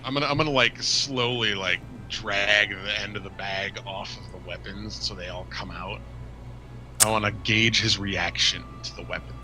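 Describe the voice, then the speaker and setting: A man playing a tabletop game, speaking gruffly and aiming to sound intimidating. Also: on the low side, fairly even intonation, moderate pace. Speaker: player.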